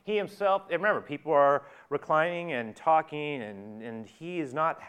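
A man's voice: a little high, moderate pace, a bit bright, clear, resonant tone. A male preacher giving a conversational sermon, telling the story with animation, chuckling and speaking straight to his listeners.

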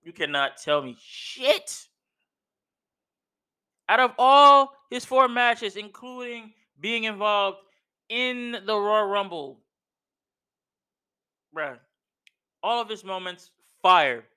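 High-voiced man ranting emphatically. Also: animated, slow, pauses often, pushed and bright, clean tone. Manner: emphatic, slangy, repeats himself, says "bro" a lot. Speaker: podcast host. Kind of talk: casual wrestling opinion rant.

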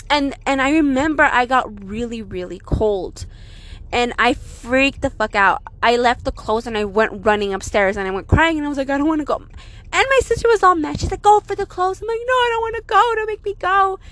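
A woman's voice: fairly high pitch, slight background noise. Profane, chatty young woman telling a story. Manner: profane, animated, lots of "like" fillers. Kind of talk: casual storytelling, vlog-like.

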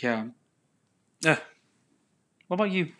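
A young man from the southern United States, chatting casually as a podcast co-host and telling an animated, rambling story with laughs. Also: on the high side, very slow.

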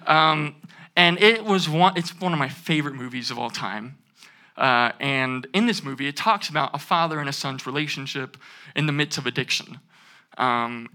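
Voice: medium pitch, lively intonation, normal speed, bright, forceful tone. A young adult student giving an earnest sermon, repeating key phrases and asking the audience to say them back. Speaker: student speaker.

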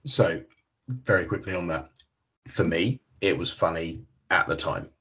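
A man with a deep, very raspy voice chats easily on a podcast, rambling through his stories and laughing often. His voice is gravelly and rough, and the recording sounds dull and lo-fi. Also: lively intonation, unhurried, a bit bright. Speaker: podcast co-host. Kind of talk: casual chat.

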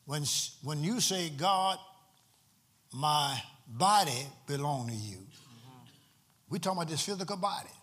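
A man's voice: on the high side, expressive, unhurried, long pauses, bright, forceful tone. A man a sermon as pastor, repeating phrases for emphasis and drawing call-and-response from the congregation.

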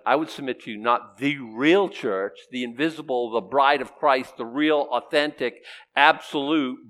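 A male pastor giving a conversational verse-by-verse sermon, animated, with sudden jumps in loudness, humorous asides and frequent restarts. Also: medium pitch. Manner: frequent restarts and repeated words.

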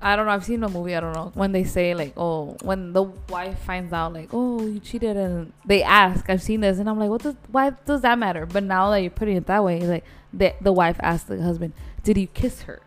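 A woman's voice: medium pitch, fairly quick, few pauses, faint music behind. A woman co-hosting a casual podcast chat, rambling with many "like"s and dropping into Spanish words. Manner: rambling, heavy with "like", slips into Spanish. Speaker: podcast co-host.

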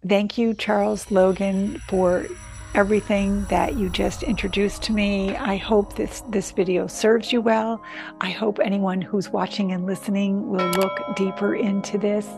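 A woman's voice: medium pitch, little pitch movement, unhurried, gravelly, music in the background. A woman hosting her own channel, giving a heartfelt personal testimonial in an earnest way, often restarting her sentences. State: tearful at times. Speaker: channel host.

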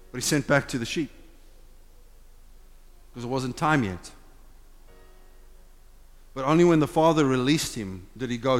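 Impassioned male pastor in a reverberant hall. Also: mid-range voice. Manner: impassioned, swinging from loud urging to hushed intimate talk. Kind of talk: sermon. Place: church sanctuary. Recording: long hall reverb with faint music.

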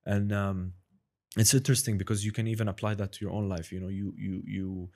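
A man's voice: fairly low pitch, little pitch movement, a little fast, creaky, darkish tone. A man in his thirties, a guest in a casual interview, rambling and searching for words.

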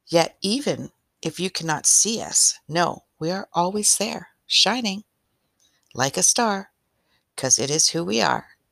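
A woman voicing a cheerful, proud star in a read-aloud story, with a bright, simple, earnest delivery. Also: lowish voice, animated, measured pace, creaky, no room sound, clean studio sound, full character voice.

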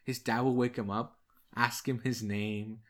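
A man's voice: mid-range voice, fairly even intonation, a little slow, a bit bright. A man co-hosting a casual podcast, telling stories in a rambling way with lots of restarts. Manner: rambling storyteller, repeats and restarts. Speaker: podcast co-host. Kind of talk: casual chat.

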